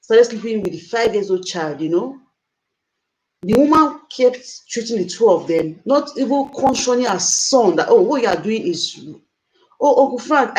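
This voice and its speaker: A woman's voice: mid-range voice, poor audio. A woman hosting a live stream, talking to viewers in a distressed, emotional, exclaiming way. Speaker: livestream host.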